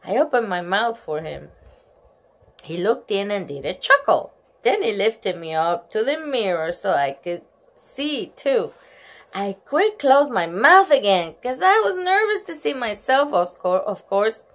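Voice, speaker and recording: A woman's voice: mid-range voice, sing-song, a little slow, fairly bright tone. A woman reading a children's book aloud at home, giggling often and breaking off to chat. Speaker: storyteller.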